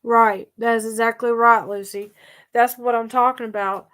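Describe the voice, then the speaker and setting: A woman's voice: on the high side, fairly even intonation, moderate pace, fairly bright tone. A woman telling a story to her viewers in a chatty, emphatic way that circles back over the same points. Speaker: vlogger. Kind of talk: casual storytelling vlog.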